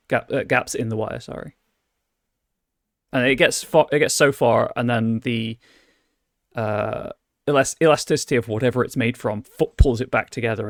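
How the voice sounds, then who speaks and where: A man's voice: medium pitch, gravelly, no room sound, studio quality. A man running a tabletop game as game master, describing scenes with many restarts and fillers.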